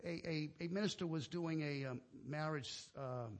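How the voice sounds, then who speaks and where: Male pastor, higher register, emphatic sermon delivery. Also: moderate pace. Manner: emphatic preaching, quoting scripture, rising for stress.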